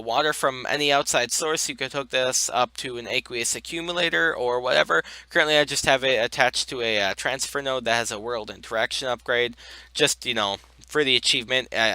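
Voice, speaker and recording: A man's voice: medium pitch, bright, forceful tone, no room sound. A tired young man in casual game commentary, rambling with lots of fillers. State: tired, yawning. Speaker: gaming video host.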